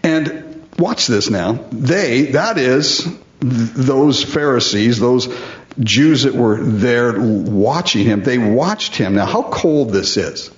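Emphatic preacher man, lively pitch. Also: takes it slowly, roomy sound, dull audio. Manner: emphatic, rhetorical questions, repeats for stress. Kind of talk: sermon.

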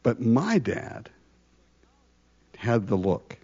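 Animated preaching man, dull recording. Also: mid-range voice, very slow. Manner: animated, conversational preaching with rhetorical questions. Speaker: pastor. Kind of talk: sermon.

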